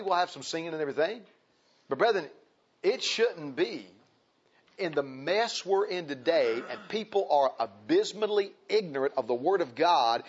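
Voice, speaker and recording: A man's voice: sits high, slightly rough, lo-fi sound. A man preaching a sermon to his congregation, emphatic and repeating his points, calling them brethren. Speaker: pastor.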